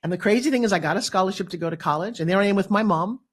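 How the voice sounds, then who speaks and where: A woman in her fifties, a motivational speaker, telling a personal story as a talk show guest with dramatic, animated delivery. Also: mid-range voice, very fast, slightly rough. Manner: animated, dramatic storyteller who acts out quotes.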